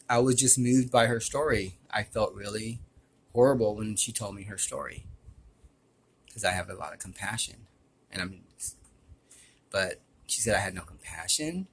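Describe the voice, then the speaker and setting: A man's voice: lowish voice, slightly rough. Aggrieved man rambling through a story. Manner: rambling, with repeated restarts; earnest, aggrieved. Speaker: YouTuber. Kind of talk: personal storytelling to camera.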